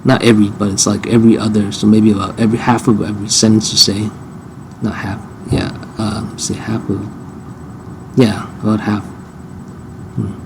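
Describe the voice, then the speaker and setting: A man casually questioning an AI assistant, halting and repeating himself, with dry sarcasm. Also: fairly low pitch, little pitch movement, noisy background. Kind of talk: casual chat.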